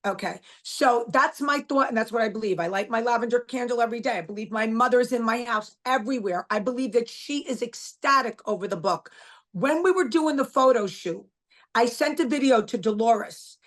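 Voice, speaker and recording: A woman's voice: fairly high pitch, a little fast, a bit bright. A middle-aged woman, a guest and author, talking bluntly and emphatically in a casual interview, repeating her points.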